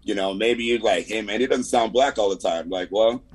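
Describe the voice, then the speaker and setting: An insurance agent from California's San Fernando Valley gives his weekly sales report over a video call, rambling and laid-back with plenty of fillers and "man." His lowish, husky voice has a Southern Californian accent, comes at normal speed, and is poorly recorded.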